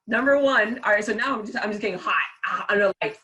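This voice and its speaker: A woman's voice: medium pitch, quick pace, a bit bright, muffled recording. A woman hosting an interview over a video call, bubbly and chatty, laughing easily. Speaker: podcast host.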